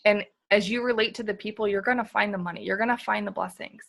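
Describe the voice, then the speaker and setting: A woman on a video call giving an energetic, emphatic motivational sales talk, peppered with "like" and "you guys". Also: mid-range voice, fast, gravelly. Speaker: guest speaker on a sales team call.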